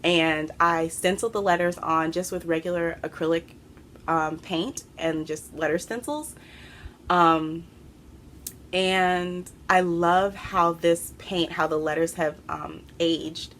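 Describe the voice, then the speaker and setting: A woman hosts her craft podcast from home, talking to the camera in a chatty, excitable way with plenty of fillers. She sounds a little out of breath, and her voice sits fairly low. A faint hum of noise runs behind her. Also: takes it slowly. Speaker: podcast host. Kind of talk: casual chat to camera. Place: home room.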